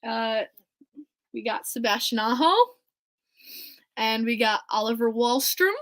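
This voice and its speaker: Woman host, solo podcast, a touch high-pitched, giddy and gushing, laughs a lot. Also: unhurried. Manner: gushing, excitable, laughs often. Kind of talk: casual solo podcast chat.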